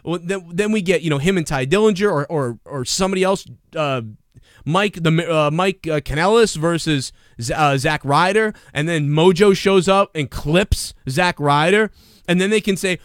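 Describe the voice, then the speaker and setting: A man reviewing a wrestling show on a livestream, rambling and swearing in casual, excitable talk. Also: a little high, normal speed, no room sound, clean studio sound. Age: adult parent. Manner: profane, rambling, excitable, acts out bits in quotes.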